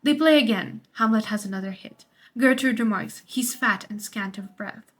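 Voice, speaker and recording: A woman's voice: fairly high pitch, moderate pace. A woman tutor explaining a literature study guide in a casual way, sometimes acting out short quotes. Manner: casual paraphrase with acted quotes.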